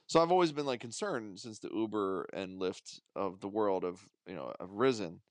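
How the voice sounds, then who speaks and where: A man's voice: on the low side, lively intonation, normal speed, dry recording. A man in a casual podcast chat, talking in a hesitant, meandering way that circles around his point. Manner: hesitant, meandering, many fillers and restarts.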